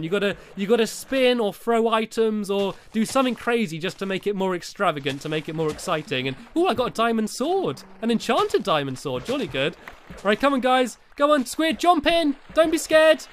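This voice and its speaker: A man's voice: high-pitched, a little hiss or hum. A man giving chatty, giggly commentary over his own game, chivvying his helpers along. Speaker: Minecraft video host. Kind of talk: casual gameplay commentary.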